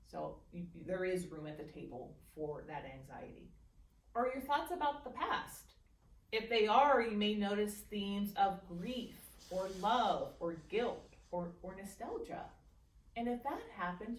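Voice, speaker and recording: Soft-spoken woman teaching meditation in an echoey room. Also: mid-range voice, animated, a little slow, far from the mic. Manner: gentle, playful, speaks to her thoughts in a soft aside voice. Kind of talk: guided meditation class. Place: library meeting room.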